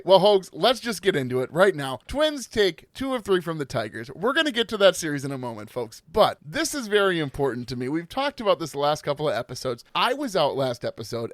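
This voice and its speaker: A man's voice: on the high side, dry recording, clean studio sound. A man hosting a casual sports podcast, teasing his co-host in a playfully dramatic way. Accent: Minnesotan.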